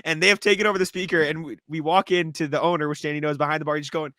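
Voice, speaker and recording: A man's voice: on the high side, moderate pace, sharp tone, no room sound. A young man co-hosting a podcast, telling a drunken night-out story with laughs and plenty of swearing. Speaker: podcast co-host. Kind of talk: casual chat.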